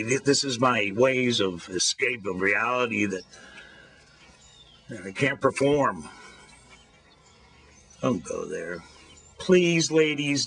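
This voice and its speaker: A man's voice: fairly low pitch, vocal fry, fairly bright tone. Folksy man telling jokes to camera. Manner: folksy storyteller who acts out quoted voices. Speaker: vlog host. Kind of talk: casual joke-telling rant to camera. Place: outdoors by a street. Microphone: handheld camera held to himself.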